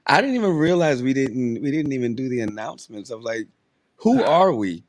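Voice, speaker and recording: An excitable man co-hosting a casual podcast, his voice sitting at an ordinary pitch. He talks emphatically, circling back over his words, and the recording sounds dry and close. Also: brisk, no echo. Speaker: podcast co-host. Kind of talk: casual chat.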